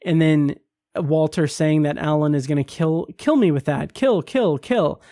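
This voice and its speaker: A man's voice: on the high side, steady tone, normal speed, warm tone, dry recording, studio quality. A man hosting a solo podcast, casually reviewing a TV episode in a rambling way, full of fillers and restarts. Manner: rambling, many fillers and restarts, acts out quoted lines.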